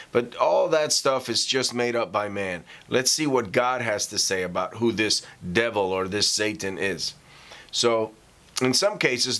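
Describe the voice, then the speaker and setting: A man preaching a casual vlog sermon as a pastor. He talks conversationally with fillers and reads scripture slowly for emphasis. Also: medium pitch, a bit bright.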